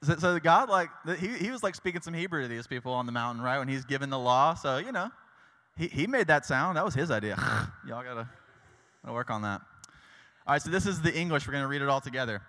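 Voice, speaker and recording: A man's voice: medium pitch, lively intonation, quick pace, bright, forceful tone. A young man preaching a casual sermon, chatty and full of "like" and "y'all". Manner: chatty, with lots of likes and y'alls. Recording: long hall reverb.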